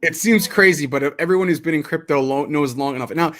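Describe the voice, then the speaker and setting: A man with a slightly high voice talks through trading charts in a loose, conversational way. He is animated, restarts his sentences and acts out how panicked traders react. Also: fast. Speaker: crypto trader. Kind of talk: casual explanatory chat over charts.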